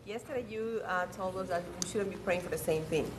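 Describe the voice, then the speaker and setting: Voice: mid-range voice, brisk. An audience member asking the pastor a question, hesitant with fillers.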